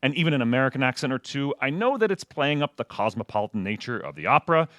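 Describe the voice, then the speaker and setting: A man co-hosting a casual film podcast, his intonation lively as he talks through the film's strengths and flaws. He breaks in with playful jabs, and his voice sounds close and dry, with little room sound. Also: medium pitch, no echo. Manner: measured critique with playful interjections. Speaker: podcast co-host.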